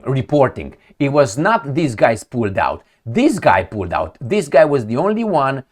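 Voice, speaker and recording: A man's voice: medium pitch, sing-song, moderate pace. A man giving opinionated commentary on news headlines, mocking and emphatic, often repeating himself for effect. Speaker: political commentator.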